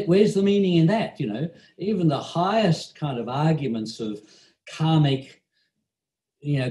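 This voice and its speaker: A man's voice: medium pitch, mellow. Chuckling man telling a story. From Australia. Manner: chuckling storyteller with frequent "you know" fillers. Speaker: meditation teacher. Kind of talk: anecdotal storytelling in conversation. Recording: echoey room.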